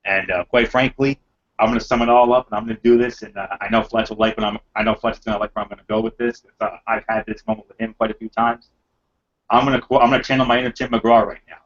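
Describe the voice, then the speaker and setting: A man's voice: fairly low pitch, level tone, fast talker, highs cut off. A man hosting a casual wrestling podcast, rambling with lots of fillers as he recaps matches enthusiastically. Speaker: podcast host reviewing wrestling.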